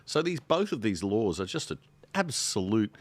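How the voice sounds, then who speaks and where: A man with a somewhat low voice speaks earnestly as a panel guest, and his conviction turns indignant. The sound is dry and close, with no room around it. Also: sing-song, normal speed, dry recording. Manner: passionate, earnest, builds to indignation. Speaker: guest panelist, show host. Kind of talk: panel discussion.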